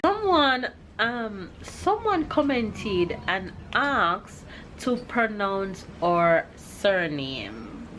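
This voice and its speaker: A woman with a Jamaican accent hosting a casual vlog, laughing often and spelling words out slowly. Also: medium pitch, very animated, a bit bright. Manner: laughs often, slow deliberate pronunciation. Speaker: vlogger host. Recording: noisy ambient background.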